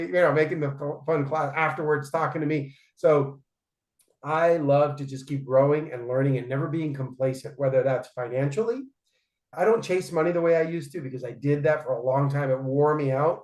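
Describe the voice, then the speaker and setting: A man's voice: fairly high pitch, darkish tone. Emphatic man in an echoey room. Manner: emphatic, storytelling, often asks "right?". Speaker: podcast guest. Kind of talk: casual interview storytelling.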